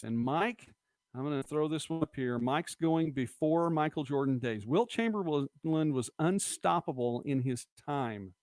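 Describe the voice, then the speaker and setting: Reading viewer comments aloud on his local live-stream, a middle-aged male host chats, rambles, and drops movie quotes. His pitch is fairly high, and the recording is dry.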